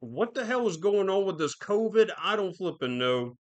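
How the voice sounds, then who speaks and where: High and sing-song, a man's voice moves at a moderate pace as he hosts a podcast by himself. He wanders through offhand commentary, cursing all the time and leaning on lots of fillers.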